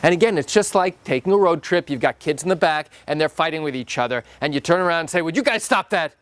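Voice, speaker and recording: A male attorney explains courtroom objections to the camera in a lively, emphatic manner. His voice sits a little high for a man, and he lifts it further whenever he acts out a quote. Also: fast talker, clean tone, dry recording. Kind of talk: explanatory legal video talk.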